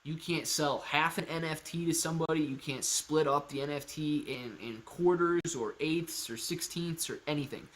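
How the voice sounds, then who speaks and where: A man hosting a live stream, answering viewer chat in a casual, energetic and hyped way, calling people man and dude. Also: on the high side, normal speed, few pauses. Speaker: livestream host answering chat.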